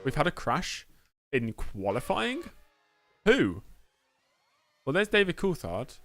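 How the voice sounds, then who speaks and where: A man's voice: a little high, huge pitch swings, slow, fairly bright tone. A man streaming live gameplay of a racing game, chatting and joking as he answers messages from his chat.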